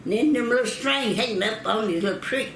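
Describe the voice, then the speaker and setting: A woman's voice: fairly high pitch, a little fast, echoey room, a little hiss or hum. An older woman from North Carolina, recalling childbirth stories, acting out quoted voices and laughing often. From North Carolina, United States. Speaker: interviewee telling family history.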